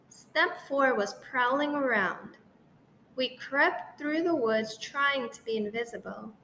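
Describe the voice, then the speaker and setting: A woman reading a children's storybook aloud with a playful, expressive delivery. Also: high voice, slow pace, slight background noise.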